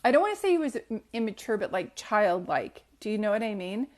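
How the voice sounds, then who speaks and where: Soft-spoken lady medium on a livestream, gentle, reassuring, lots of ums and pauses, mid pitch. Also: big pitch swings. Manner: gentle, reassuring, hesitant with many fillers. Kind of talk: casual live reading.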